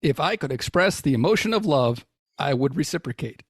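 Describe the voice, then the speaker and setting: A man's voice: a little high, expressive, a little fast, husky, no room sound, studio quality. A man voicing a stiff, formal male AI chatbot prototype that speaks in robotic phrasing.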